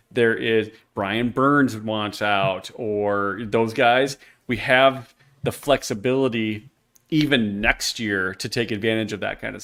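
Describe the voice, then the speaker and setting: A man's voice: medium pitch, a bit bright. A man co-hosting a podcast in casual chat, joking and speeding up when he gets going. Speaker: podcast co-host.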